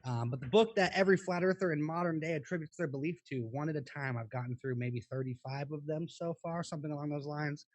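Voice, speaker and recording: Chill guy guest on a stream, lots of ums, slightly high voice. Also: quick pace, few pauses. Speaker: guest YouTuber. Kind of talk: casual livestream chat.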